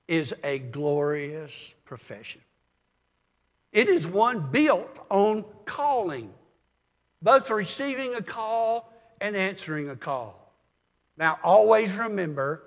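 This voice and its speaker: Older man, pastor, folksy sermon storytelling, fairly high voice, long church reverb. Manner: folksy storytelling, calm and measured.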